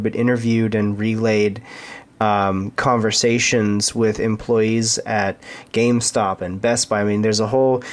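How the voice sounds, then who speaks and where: Earnest, stammering podcast co-host man. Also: on the low side. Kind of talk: casual chat.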